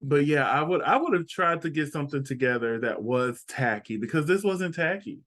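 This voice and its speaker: A man's voice: a little high, normal speed, a bit bright. A man co-hosting a casual review chat, talking in a conversational, opinionated way and often restarting his thoughts. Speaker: co-host reviewing a TV show.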